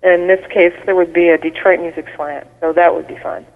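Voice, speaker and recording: A man's voice: a little high, steady tone, brisk, creaky. A man chatting as a guest on a radio show, explaining at length. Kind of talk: casual phone interview. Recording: tinny phone line with reverb.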